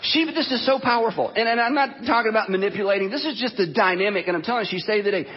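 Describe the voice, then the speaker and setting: A high, slightly husky male pastor preaches in an animated, conversational way and acts out the quotes as he goes. The sound is dull and lo-fi, with a long hall reverb behind it. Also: quick pace. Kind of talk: sermon.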